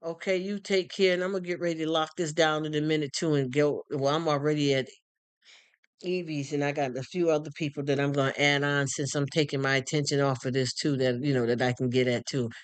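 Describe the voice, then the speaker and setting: A live streamer in casual chat who talks in a warm, rambling, heartfelt way with many restarts. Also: mid-range voice, flat delivery, a little fast, clear, resonant tone, dry recording. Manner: greets chat viewers by name and thanks them. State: choked up, near tears.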